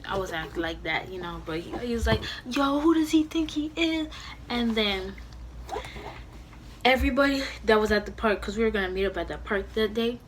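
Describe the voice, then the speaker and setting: A woman's voice: mid-range voice, brisk, slight background noise. Chatty young woman telling a storytime. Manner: animated, heavy use of "you know" and "like", acts out her own angry quotes. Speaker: vlogger. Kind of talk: storytime vlog.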